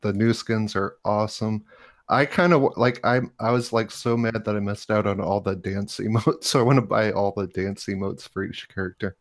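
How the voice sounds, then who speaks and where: A man chatting eagerly about games, stumbling over words, his voice going hoarse. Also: lowish voice, steady tone, moderate pace, dry recording. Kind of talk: casual gaming chat.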